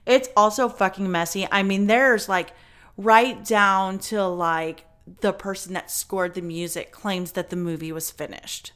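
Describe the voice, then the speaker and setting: A woman's voice: mid-range voice, fairly even intonation, a little slow, a bit bright. A woman hosting a podcast, telling a story in casual chat with lots of fillers and some swearing. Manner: chatty, many fillers, swears. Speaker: podcast host.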